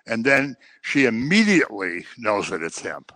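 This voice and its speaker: A man's voice: mid-range voice, sing-song, normal speed, bright, forceful tone, dry recording. A man teaching the Bible in a conversational way, telling the stories and acting out the people he quotes. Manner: informal, with fillers and restarts. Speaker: preacher.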